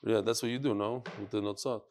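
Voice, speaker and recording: A man's voice: on the low side, fairly even intonation, brisk, a little mellow. A man, a rabbi, teaching a live Talmud class in a study hall. He tells stories with flair, acts out the quotes and talks straight to his students.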